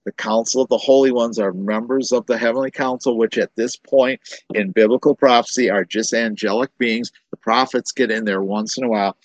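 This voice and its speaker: A man's voice: mid-range voice, steady tone, a little fast, no echo, low-quality recording. A man teaching through a Bible passage in an informal way, often repeating words as he thinks aloud.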